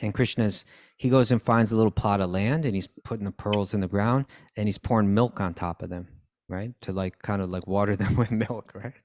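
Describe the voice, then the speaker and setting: A man's voice: lowish voice, fairly quick, a little mellow, slight background noise. A man telling devotional stories in casual conversation, acting out the characters' lines and often checking in with "you know" and "right?". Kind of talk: conversational storytelling.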